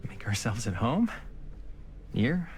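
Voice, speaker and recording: A man's voice: medium pitch, big pitch swings, takes it slowly, darkish tone, a little hiss or hum. An actor playing a sardonic teenage boy in a video game, speaking in a dry, joking way. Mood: skeptical.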